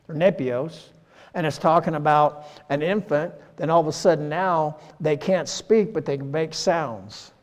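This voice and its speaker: A man in his sixties preaching a conversational sermon, folksy and full of rhetorical questions. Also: on the high side. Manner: folksy, rhetorical, peppered with "right?" and "you know". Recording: long church-hall reverb.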